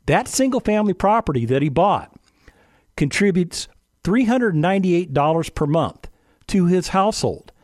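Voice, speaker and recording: Animated male radio host. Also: high voice, moderate pace, no room sound, clean studio sound. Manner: animated, full of rhetorical questions; jokey asides to his dog. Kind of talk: radio talk show monologue.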